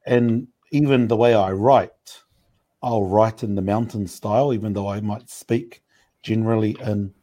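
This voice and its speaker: Low, mellow-voiced New man. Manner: relaxed, thoughtful, many fillers and restarts. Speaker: panel speaker. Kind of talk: casual discussion.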